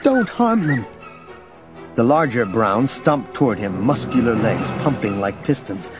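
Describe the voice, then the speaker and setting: A man reading a story aloud as narrator, in a steady, measured way. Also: mid-range voice. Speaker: audiobook narrator. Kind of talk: scripted narration. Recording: dull lo-fi recording, faint music.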